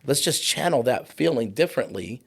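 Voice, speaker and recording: A man in his forties, a podcast guest talking about trauma in an impassioned, preachy way, slowing down for emphasis. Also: mid-range voice, animated, vocal fry, husky. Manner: fired-up, preachy, slows down for emphasis. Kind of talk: impassioned conversational podcast talk.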